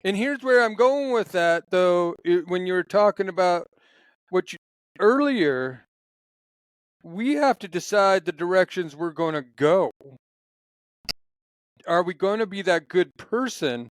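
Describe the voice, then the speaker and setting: A man's voice: sits high, expressive, measured pace, pauses often, clean tone, no echo, low-quality recording. A man in casual conversation, telling stories in a rambling, passionate way, with many restarts. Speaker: podcast guest.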